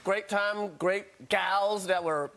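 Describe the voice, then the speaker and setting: A man, a comedian guest on a TV chat show, trading wisecracking, deadpan jokes. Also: sits high, slow, gravelly. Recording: studio with loud audience noise.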